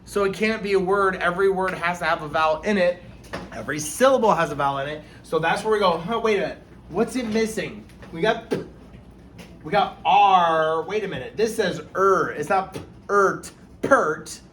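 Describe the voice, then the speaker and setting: A man's voice: high voice, a little fast, a bit bright. A male teacher giving a phonics lesson to young children, patiently sounding out words step by step. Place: classroom. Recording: echoey room with faint noise.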